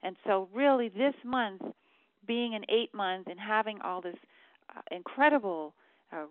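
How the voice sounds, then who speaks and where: A woman's voice: medium pitch, dry recording, narrow, tinny audio. A woman giving a numerology forecast to her viewers, earnest and emphatic, repeating key words for stress. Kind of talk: monthly forecast talk to viewers.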